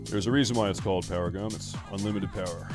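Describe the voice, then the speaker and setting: A man's voice: low-pitched, fast talker, music in the background. Joking young man streaming a game. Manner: loud, joking, swears, rambles. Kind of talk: casual live-stream chat while gaming.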